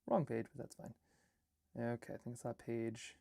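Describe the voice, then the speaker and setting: A young man from Alaska talks casually on a livestream, rambling as he thinks aloud and reading chat comments and draft text back to himself. His voice sits at an average pitch with a gravelly, creaky edge. The sound is close and dry, with no room echo. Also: steady tone, moderate pace, mellow. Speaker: artist and filmmaker livestreaming.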